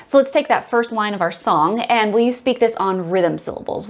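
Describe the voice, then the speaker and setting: A woman's voice: mid-range voice, a little fast, few pauses. A woman music teacher explaining a classroom activity step by step and now and then modeling chants and sung solfege for the class.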